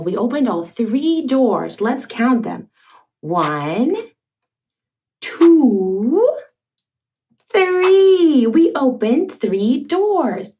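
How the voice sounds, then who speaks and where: Slow sing-song woman teaching toddlers. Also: on the high side, dark tone. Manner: imitates animal sounds playfully. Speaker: children's educational host.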